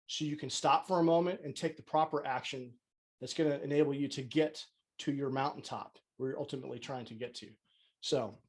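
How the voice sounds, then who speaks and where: A man speaking as a mindset coach at an online conference, earnest and open, sometimes repeating words as he searches for them. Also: on the high side. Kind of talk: motivational talk.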